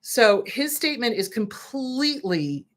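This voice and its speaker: A woman's voice: fairly high pitch, very animated, a little slow. A woman therapist hosting a talk show, speaking bluntly and with indignation, swearing freely as she comments. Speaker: host, therapist. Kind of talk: direct-to-camera commentary.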